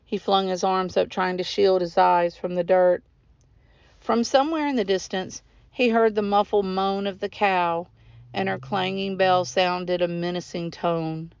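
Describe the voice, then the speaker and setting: A woman author reads her own novel aloud in a steady, measured voice. Her tone is smooth and clear, recorded dry and close. The recording sounds a little dull, with a lo-fi edge. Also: on the low side, no room sound.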